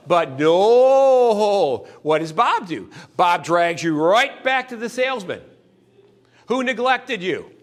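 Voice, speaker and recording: A man giving a motivational sales training talk, acting out customers and salespeople in little scenes. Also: very high-pitched. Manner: animated, acts out customers' voices in little scenes.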